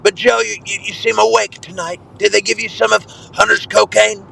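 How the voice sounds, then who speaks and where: A man's voice: high-pitched, little pitch movement, fairly quick, pushed and bright, heavily acted, poor audio. A man doing an impression of a boastful, brash male president in a recorded voice message, bragging and repeating himself. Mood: mocking. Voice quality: gravelly, bragging, repetitive. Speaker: listener sending a voice message.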